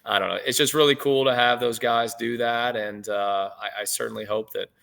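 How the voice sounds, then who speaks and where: A man in his late thirties, a head baseball coach, telling stories in a relaxed interview over a video call, with many fillers and restarts. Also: medium pitch, normal speed, vocal fry. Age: 30s. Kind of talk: casual interview chat.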